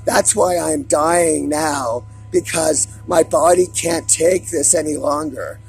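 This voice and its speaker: A man vlogging an agitated, profanity-laden monologue to camera in a raspy voice. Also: on the high side, takes it slowly, faint music behind, low-quality recording.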